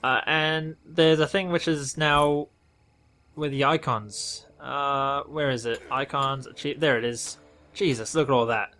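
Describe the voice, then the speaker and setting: This gaming video host, an Australian man, speaks unhurriedly in a mid-range voice with a sharp tone and fairly even intonation. He's casually remarking on a game update, wandering off track and fixing his own words in an offhand way.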